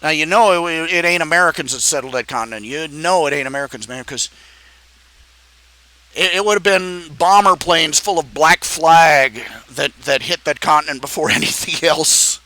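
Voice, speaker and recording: A man hosting a live stream, talking in a casual, animated ramble, repeating phrases and laughing at his own jokes. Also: fairly high pitch, moderate pace, low-quality recording.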